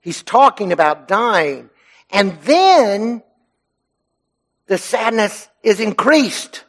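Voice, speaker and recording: A man preaching a sermon in church, earnest and emphatic, letting his phrase ends drop low and soft. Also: lively intonation, slow. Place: church sanctuary.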